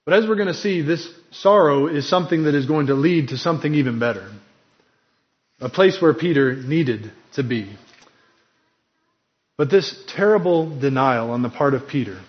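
A man's voice: mid-range voice, lo-fi sound. A man preaching a sermon in an earnest, emphatic way, acting out quoted lines with drama. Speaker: pastor.

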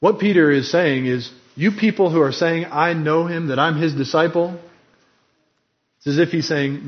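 Pastor, male, fairly high voice, earnest and emphatic sermon delivery, dull lo-fi recording. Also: normal speed. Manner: earnest, emphatic preaching with dramatic quoted lines.

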